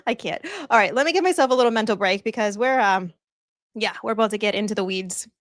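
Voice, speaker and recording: A woman's voice: mid-range voice, fast, no echo, studio quality. A woman hosting a livestream, talking casually with viewers and laughing often. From Norfolk County area. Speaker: livestream host. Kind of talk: casual live commentary.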